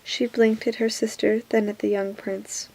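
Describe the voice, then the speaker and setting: A woman reading a novel aloud in a soft whispered role-play. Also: medium pitch, little pitch movement, normal speed, vocal fry, low-quality recording. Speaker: reader.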